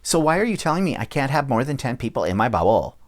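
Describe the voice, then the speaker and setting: A man's voice: medium pitch, big pitch swings, fast, lightly acted. A man putting on a whiny voice to play a self-pitying complainer. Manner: nasal whining complaint.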